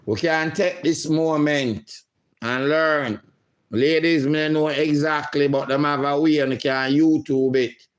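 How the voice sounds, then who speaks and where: A middle-aged man hosting a livestream, reading viewer comments aloud in a slow, emotional way. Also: fairly high pitch, fairly even intonation. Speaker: livestream host.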